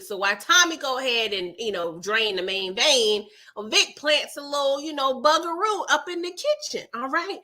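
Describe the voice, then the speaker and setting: A woman giving a casual, slangy, expressive recap of a TV episode as the channel's host. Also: sits high, normal speed, few pauses. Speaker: TV recap vlogger.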